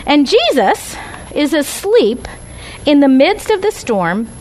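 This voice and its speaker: A woman's voice: sits high, very animated, slow pace, darkish tone, a little hiss or hum, rough recording. A woman teaching a Bible study class with slides, talking conversationally and often checking in with "right?" and "okay?".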